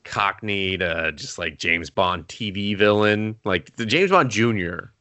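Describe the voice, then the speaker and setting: A man co-hosting a podcast, rambling sarcastically through a movie recap with quick quoted asides. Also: on the low side, animated, pushed and bright, no room sound. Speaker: podcast co-host. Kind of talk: casual movie-review banter.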